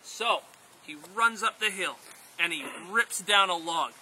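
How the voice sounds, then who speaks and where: A man telling a story aloud to a group, playful and animated, speaking directly to his listeners. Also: high-pitched, measured pace, slight background noise, poor audio. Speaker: storyteller and outdoor instructor.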